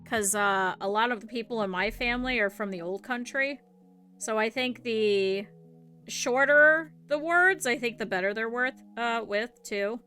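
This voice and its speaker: A young woman with a Midwestern accent talks casually and rambles as she crafts on a live stream. Her voice is bright and clear, with a middling pitch. Soft music plays faintly underneath. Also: measured pace. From northern Ohio, US. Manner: rambling, chatty, thinks aloud. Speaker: VTuber streamer. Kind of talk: casual chat while crafting.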